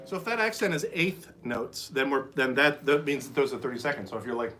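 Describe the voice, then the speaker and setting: On a live stream from his drum shed, recorded on a phone, a man gives a casual, enthusiastic drum lesson, full of "like" and "right?" and scatting rhythms aloud with syllables. His mid-range voice is animated and brisk, with loud music behind it.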